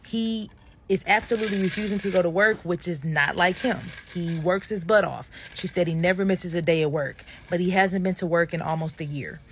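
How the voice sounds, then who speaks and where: A woman's voice: on the low side, a little fast, slight background noise. Lady from detroit telling a creepy family story, chatty, does the voices. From Detroit, USA. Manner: chatty, addresses viewers directly, acts out voices. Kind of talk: casual storytelling to followers.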